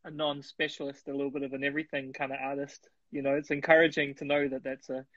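A man's voice: medium pitch, little pitch movement, fast talker, fairly bright tone, no room sound. A male host wrapping up a casual chat, friendly and thankful, calling his guest bro and man. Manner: friendly, grateful, says bro and man a lot. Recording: dull, dry lo-fi recording.

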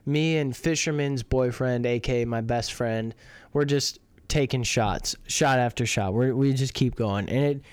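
A man's voice: medium pitch, measured pace, smooth, no room sound. Profane young man telling a story. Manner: animated, profane, laughing through the story. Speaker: podcast co-host. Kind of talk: casual storytelling chat.

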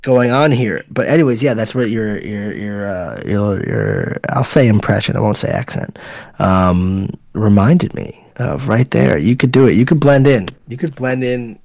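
A man's voice: fairly low pitch, expressive, moderate pace, creaky, darkish tone, no echo, studio quality. A man hosting a podcast over an online voice call, chatting casually and telling stories with impressions. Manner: chatty storyteller who slips into impressions. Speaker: podcast host. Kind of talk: casual chat.

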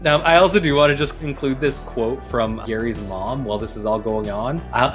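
A man's voice: mid-range voice, a little fast, few pauses, faint music behind. A man hosting a podcast, recounting a story in casual chat with wry, jokey asides. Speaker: podcast host telling a story.

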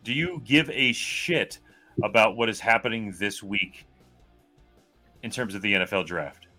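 A man's voice: on the low side, a little slow, sharp tone, faint music behind. A man co-hosting a casual podcast, laid-back, swearing and restarting his sentences. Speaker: podcast co-host.

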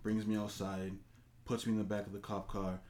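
A man's voice: on the low side, little pitch movement, brisk, darkish tone. A young man telling a long story in casual chat, acting out the quotes with a rising voice. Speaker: podcast co-host.

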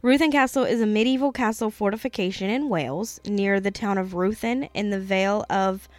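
A woman's voice: medium pitch, fairly quick, no echo. A woman co-hosting a podcast, tired and giggly, chatting casually and stumbling over names as she reads history. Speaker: podcast co-host. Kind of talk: casual chat and reading history. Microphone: close studio mic.

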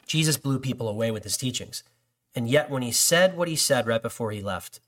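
A man's voice: mid-range voice, expressive, fairly quick, fairly bright tone. A man preaching a sermon in a conversational way, acting out listeners' doubts as he goes. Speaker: pastor.

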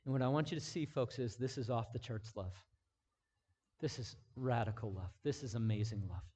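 A male pastor preaching a sermon, moving between hushed, intimate passages and loud, emphatic declarations, repeating phrases for emphasis. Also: medium pitch, moderate pace, breathy edge.

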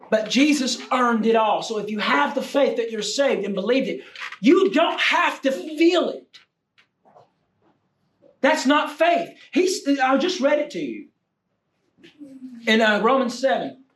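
A man preaching a sermon with passion, swinging from shouts down to near-whispers. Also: extremely high pitch, normal speed. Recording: echoey room, distant mic, faint noise.

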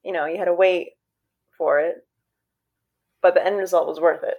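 A woman co-hosting a podcast in casual chat, bubbly and animated, often laughing. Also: on the low side, normal speed, highs cut off. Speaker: podcast co-host.

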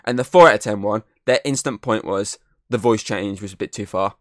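A man's voice: lowish voice, a little fast, dry recording, clean studio sound. Rambling, sweary male podcast co-host. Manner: rambling, swears freely, many fillers. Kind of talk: casual chat.

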